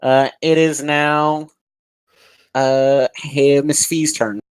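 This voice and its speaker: A man's voice: fairly high pitch, level tone, extremely slow, smooth, low-quality recording. A man narrating as dungeon master, describing the scene vividly and rambling with fillers. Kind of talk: narrating a tabletop game.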